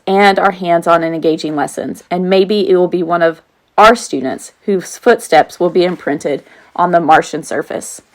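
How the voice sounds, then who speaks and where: A woman in her forties, a teacher reading her own book aloud in an earnest tone, with occasional off-script asides. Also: lowish voice. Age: 40s. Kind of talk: self-read audiobook narration.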